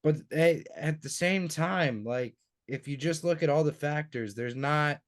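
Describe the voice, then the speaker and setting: A man's voice: on the high side, measured pace. Rambling young man talking sports bets. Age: young adult. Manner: rambling, swears freely, hypes up the group. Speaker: podcast co-host. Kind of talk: casual sports betting chat.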